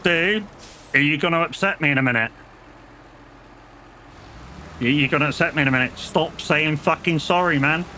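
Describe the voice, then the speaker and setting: A man's voice: on the high side, normal speed, pauses often, bright, forceful tone, a little hiss or hum. A man with an English accent, a live streamer chatting casually and swearing while he plays a game and jokes with his chat. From England.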